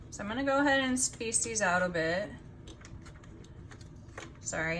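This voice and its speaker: A woman's voice: on the low side, background noise. A young woman hosting a budgeting vlog, chatting casually to the camera and a little out of breath after work. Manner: chatty, counts cash aloud softly. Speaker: budgeting channel host.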